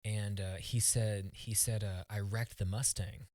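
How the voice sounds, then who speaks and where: Low-voiced man telling a personal story. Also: level tone, darkish tone, no echo, studio quality. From United States. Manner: earnest, halting, often restarting words. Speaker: podcast guest.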